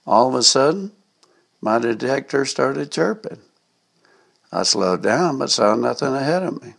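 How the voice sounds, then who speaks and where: A man with a gravelly voice reading a personal anecdote aloud, in a wry, self-mocking way. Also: medium pitch, lively intonation, a little slow, fairly bright tone. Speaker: storyteller.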